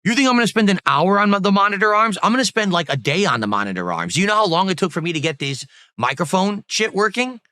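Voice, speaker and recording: Bright-voiced chatty male streamer. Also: high-pitched, big pitch swings, fast, dry recording, clean studio sound. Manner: effusive, rambling, thankful, swears casually. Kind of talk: casual livestream chat.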